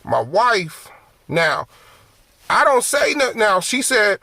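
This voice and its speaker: Taking it slowly, a man with a high, creaky voice shares a personal testimony as ministry, recorded with no echo. His telling is animated and conversational, with frequent repeated phrases.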